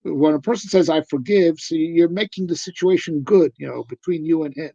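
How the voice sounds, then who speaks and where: A man's voice: a little high, a little fast, creaky, warm tone, slightly rough, dry recording. A male rabbi giving a live, conversational discourse on Torah, emphatic and full of rhetorical questions. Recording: dull lo-fi recording.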